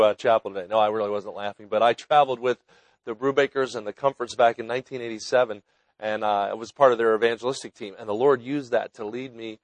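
A man's voice: mid-range voice, steady tone, fast talker, no room sound, rough recording. A man in his fifties from New Jersey, an evangelist preaching at a college chapel in a folksy, storytelling way, asking the audience to raise hands. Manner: folksy storytelling, chuckling warmth about friends. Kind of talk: sermon. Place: chapel with live student audience.

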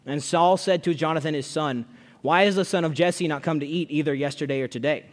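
A man preaching a sermon, reading scripture and then talking it through in plain, conversational language. His voice sits a little high for a man, and he often doubles back on his words. The sound carries the long reverb of a large church hall. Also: fairly quick. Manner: conversational, repeats words, reads scripture aloud. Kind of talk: expository sermon.

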